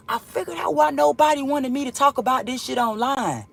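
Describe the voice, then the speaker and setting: A woman telling a personal story in a casual monologue, emotional and profane, rambling and swinging between loud outbursts and hushed asides. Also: sits high, fairly quick, creaky, few pauses. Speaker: storyteller vlogger.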